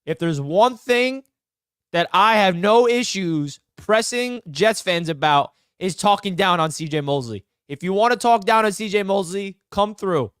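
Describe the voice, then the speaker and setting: A man's voice: high-pitched, lively intonation, a little slow, fairly bright tone, smooth, no room sound, studio quality. A young man hosting a live sports talk stream, fired up and emphatic as he banters with fans. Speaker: sports channel host.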